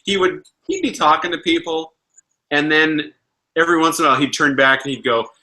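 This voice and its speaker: A man's voice: on the high side, fairly quick, bright, forceful tone, rough recording. A man hosting a livestream, telling a casual, rambling story, laughing often and swearing freely. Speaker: livestream host.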